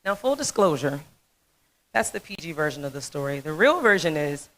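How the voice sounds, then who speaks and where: A woman in her thirties giving a motivational conference talk, telling a folksy, animated story. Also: low-pitched, normal speed, poor audio. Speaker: dentist speaker.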